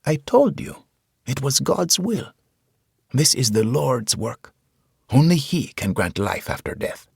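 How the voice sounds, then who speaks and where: A man voicing a short, thin, middle-aged preacher with a Spanish accent who talks calmly and gently, as if to a child. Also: mid-range voice, takes it slowly, gravelly, husky, no room sound, studio quality, pitched above the performer's own voice, full character voice. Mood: serene. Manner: calm, gentle, speaks as if to a child.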